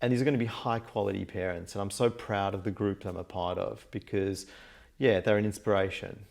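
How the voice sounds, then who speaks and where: Give me an animated Australian storyteller, low voice. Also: male voice, fairly quick, gravelly. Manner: animated storyteller, acts out quotes, laughs often. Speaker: guest, mindset and life coach. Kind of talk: casual interview chat.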